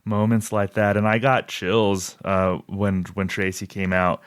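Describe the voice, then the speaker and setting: Low-voiced podcast host, dry close sound. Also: male voice, flat delivery, unhurried, clear, resonant tone, dry recording. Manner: friendly, asks questions, agrees often. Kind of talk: casual podcast chat.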